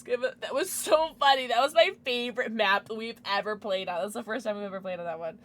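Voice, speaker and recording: A young woman streaming a game to her chat, giggling a lot and shrieking with excitement. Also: fairly high pitch, fairly quick, few pauses. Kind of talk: livestream game commentary.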